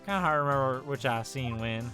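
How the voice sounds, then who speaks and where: A man's voice: medium pitch, fast, pushed and bright, soft background music, lightly acted. A man voicing a boisterous young Southern woman photographer in a folksy drawl, reading game dialogue aloud. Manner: folksy drawl, hearty, chatty.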